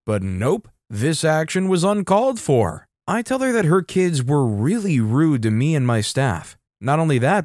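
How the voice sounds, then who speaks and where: A man narrating a story in a steady, matter-of-fact scripted reading. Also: mid-range voice, no room sound, clean studio sound.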